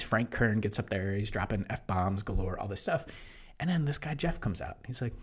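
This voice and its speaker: A man talking as an online business coach in a casual promotional monologue, energetic, jumping between loud bursts and hushed asides. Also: lowish voice, fairly quick, slightly rough. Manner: mimics other people in quoted voices.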